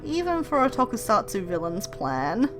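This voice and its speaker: A woman's voice: mid-range voice, very animated, normal speed, music in the background, close to an everyday voice. A woman reading the lines of an earnest, exasperated young heroine in a game.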